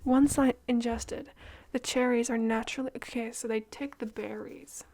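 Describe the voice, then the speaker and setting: A young woman doing soft-spoken ASMR, often dropping into whispers on a close microphone. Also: a little high, steady tone, normal speed, no echo. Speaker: ASMR creator.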